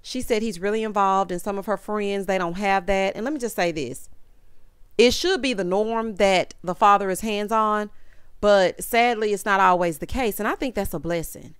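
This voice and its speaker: A woman, giving a sassy, animated reality TV recap and calling her viewers honey and child. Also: mid-range voice, normal speed, clear, resonant tone, dry recording, studio quality. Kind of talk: casual recap commentary.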